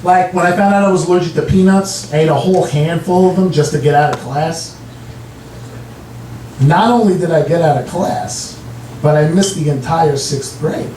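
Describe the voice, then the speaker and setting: A man from Long Island telling stories in a stand-up comedy set, with deadpan delivery and quick asides. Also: a little high, slight background noise. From Long Island, New York. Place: comedy club stage. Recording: roomy club sound from a distance. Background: audience laughter.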